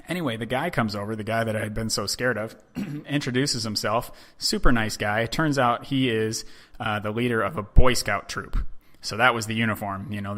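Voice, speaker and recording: Bright-toned man telling a casual story. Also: lowish voice. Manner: relaxed, chatty, frequent "um" and "you know". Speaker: podcast host.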